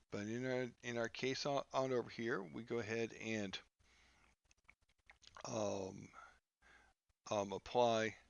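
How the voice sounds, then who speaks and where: A man teaching a software lesson over a screen recording, talking haltingly with many fillers and restarts. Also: on the low side, creaky, no room sound, dull audio. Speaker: instructor.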